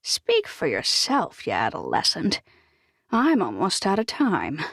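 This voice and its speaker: A woman's voice: lowish voice, huge pitch swings, a little slow, creaky, fairly bright tone, husky, no echo, studio quality, full character voice. A woman narrator voicing a stubborn, feisty older woman in a hospital bed who talks bluntly and teases. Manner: bossy, blunt, teasing.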